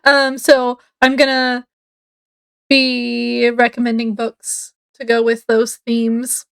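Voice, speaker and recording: Chatty high-voiced woman. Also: completely flat delivery, takes it slowly, vocal fry, clean tone. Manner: rambling, chatty, many fillers. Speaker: book vlogger. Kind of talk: casual chat to camera. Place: home, indoors.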